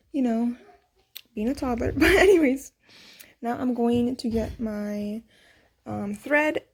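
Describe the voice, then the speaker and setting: A young woman casually walking viewers through a sewing project at home, chatty and quick to laugh at herself. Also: fairly high pitch, creaky, darkish tone, slight background noise. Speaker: sewing tutorial host. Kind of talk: casual step-by-step sewing demo.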